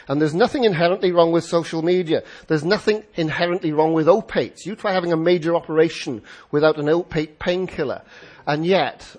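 Expressive male preacher reading scripture. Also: a little high. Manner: expressive, emphatic with rhetorical questions.

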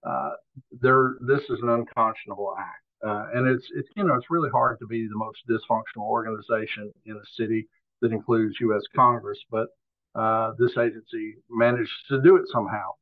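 A man's voice: on the low side, fairly even intonation, brisk. A man co-hosting a podcast, giving blunt, opinionated views with frequent "uh" and "um" fillers. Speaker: podcast co-host. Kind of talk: casual chat. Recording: tinny phone-like line.

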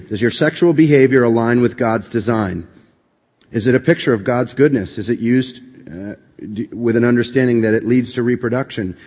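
A man preaching a sermon to his congregation, animated and full of rhetorical questions. His voice rings out with a long reverb in a large hall. The recording is dull and lo-fi. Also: mid-range voice. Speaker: pastor. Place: church sanctuary.

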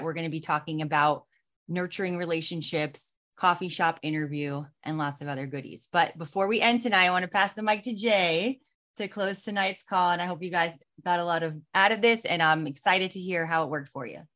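A woman's voice: on the low side, a little fast, a bit bright. A woman hosting an online training call, upbeat and chatty, speaking through a computer mic. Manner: upbeat, chatty, flustered by tech trouble.

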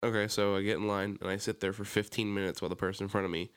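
Talking very fast in a low, clear, resonant voice, this young man from the Philadelphia area co-hosts a casual podcast. He swears heavily and performs the quotes in his stories at full volume.

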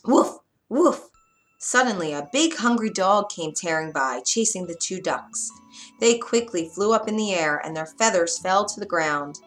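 A woman reading a children's story aloud, gentle and expressive. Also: on the low side, normal speed, soft background music.

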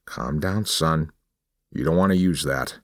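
A man voicing a smug, calm older villain who talks down to his victim. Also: extremely low pitch, dry recording, studio quality. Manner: smug, unhurried, condescending.

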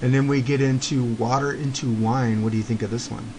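A man talks casually through a rock album, track by track, chatty and quick to laugh. His voice sits at an ordinary middle pitch. A steady hiss of noise runs under the recording. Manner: chatty, laughs often, quotes people in passing. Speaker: podcast co-host.

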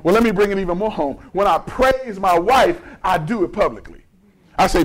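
High-voiced folksy male pastor preaching. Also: animated, normal speed. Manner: conversational, folksy preaching with humor and call-and-response. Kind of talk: sermon.

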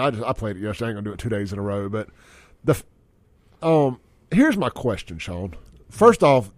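A man's voice: medium pitch, a little mellow, dry recording. A man hosting a radio talk show, brash and joking as he reads out the text line and phone line.

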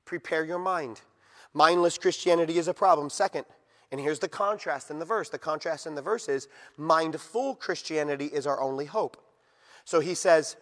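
A man's voice: a little high, normal speed. A male pastor preaching a sermon, emphatic and repetitive, pressing the congregation with rhetorical questions. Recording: long echoey hall reverb.

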